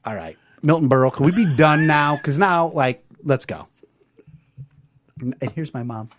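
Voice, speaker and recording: A man hosts a casual podcast, telling a long story with lots of swearing. His pitch swings widely as he slips into voices for the people in it. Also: unhurried. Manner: animated storyteller doing voices, swears freely. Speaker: podcast host. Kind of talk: storytelling chat.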